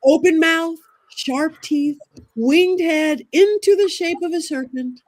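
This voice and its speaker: A woman, a psychic medium as a guest, telling a dramatic story in an animated way and acting out what people said. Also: extremely high pitch, slow pace. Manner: excitable, quotes herself and others in dramatic asides.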